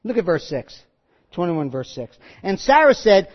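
A man's voice: high-pitched, big pitch swings, moderate pace. A man preaching a sermon in a joking, conversational way, acting out the people he quotes. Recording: dull sound in a reverberant hall.

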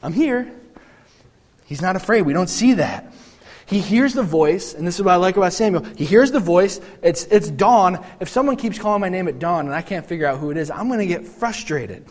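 A man preaching a sermon, reading scripture and acting out the voices in the story with animated energy. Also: high voice, a little fast, long reverb tail. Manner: animated, acts out biblical voices. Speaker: pastor.

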